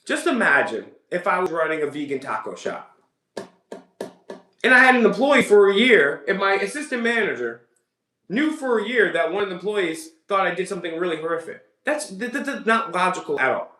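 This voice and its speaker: A man delivers reaction commentary with a sarcastic, mocking tone. His voice sits high and swings widely in pitch. The room around him rings with echo. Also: sing-song, normal speed, pushed and bright. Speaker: commentary host.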